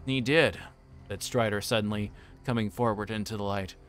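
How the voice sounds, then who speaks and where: Brief: man narrating a book live, low voice, soft and unhurried, faint music behind. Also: little pitch movement. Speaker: streamer reading a novel aloud.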